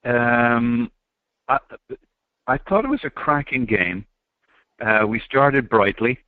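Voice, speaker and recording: A man's voice: mid-range voice, lively intonation, slow, dry recording. A man who is a podcast regular, giving casual match analysis with hesitant ums. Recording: tinny phone line.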